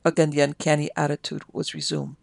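An audiobook narrator reading a story in a measured, dramatic way. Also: medium pitch, level tone, vocal fry, no room sound. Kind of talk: scripted narration.

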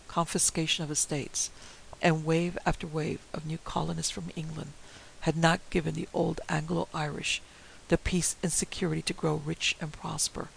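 A man narrating a novel as an audiobook in a measured storytelling manner. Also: a little high, gravelly, slight background noise, rough recording. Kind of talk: scripted narration.

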